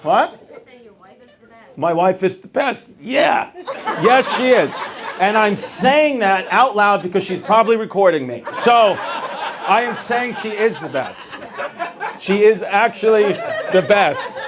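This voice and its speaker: A stand-up comedian with a very high voice, telling animated, exasperated stories on a club stage. A crowd laughs clearly behind him throughout the live set. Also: male voice, slow pace.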